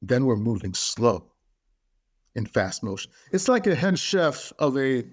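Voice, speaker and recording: A man's voice: mid-range voice, big pitch swings, measured pace. Emphatic man giving a motivational podcast talk. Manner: emphatic, builds points through repetition. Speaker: podcast speaker.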